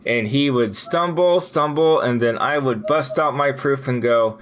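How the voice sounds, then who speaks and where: A man co-hosting a podcast, chatting casually and acting out his own retorts in a lively way. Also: medium pitch, a little slow, hardly any pauses. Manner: animated storyteller who acts out his own retorts. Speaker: podcast co-host.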